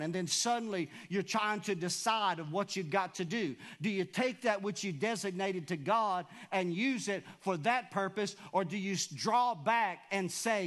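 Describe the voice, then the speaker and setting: Guy pastor preaching in church, kinda high voice, keeps asking the crowd "right?". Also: normal speed, fairly bright tone. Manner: emphatic preaching with call-and-response questions. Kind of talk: sermon. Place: church sanctuary.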